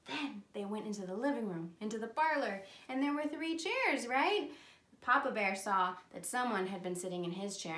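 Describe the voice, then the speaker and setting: A woman teacher telling a story to young children, animated, with gasps and dramatic whispers. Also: medium pitch, normal speed. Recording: roomy echo.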